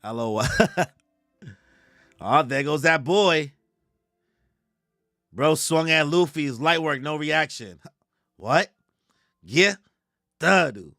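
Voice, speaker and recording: A young man reacting live to a comic chapter, reading its lines aloud in slangy, animated casual talk and laughing often. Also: fairly high pitch, very slow, creaky, long pauses, no echo, clean studio sound, faint music behind. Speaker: streamer reacting to a manga chapter.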